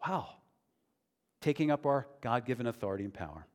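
A man's voice: medium pitch, very animated, fairly quick, pauses often. A man preaching a sermon in an earnest, conversational way that builds to emphatic declarations. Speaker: pastor. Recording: long reverb of a large hall.

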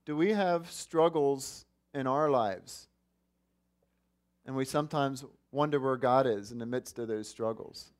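A man's voice: mid-range voice, unhurried. A man preaching a sermon, earnest and asking his listeners questions. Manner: earnest, asks the congregation questions. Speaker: pastor.

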